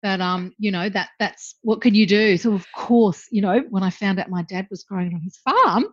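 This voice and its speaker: A woman guest who founded a brand tells her story in a lively way, acting out what people said and saying um often. Her mid-range voice moves at a moderate pace, on a dull, dry, lo-fi recording with no echo.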